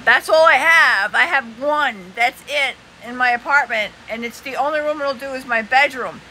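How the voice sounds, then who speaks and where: A woman's voice: sits high, moderate pace, bright, forceful tone, low-quality recording. A woman vlogging casually from a small apartment bedroom, breathless and exasperated, with a New York accent. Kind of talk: casual selfie vlog to camera. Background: air conditioner hum.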